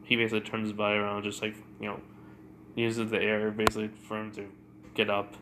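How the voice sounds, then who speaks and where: A man's voice: on the low side, monotone, quick pace, background noise. A man casually retelling a fan-made story in a rambling way, full of fillers.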